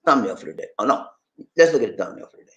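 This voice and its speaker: Lively man in an echoey room. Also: medium pitch, very fast, dull audio. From Charleston, South Carolina. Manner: animated and repetitive, often checking in with listeners. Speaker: channel host. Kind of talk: casual talk to viewers. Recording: roomy echo.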